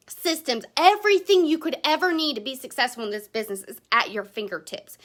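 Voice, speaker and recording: A woman's voice: high-pitched, sharp tone. A woman, giving a blunt, passionate motivational talk to her sales team. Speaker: direct sales team leader.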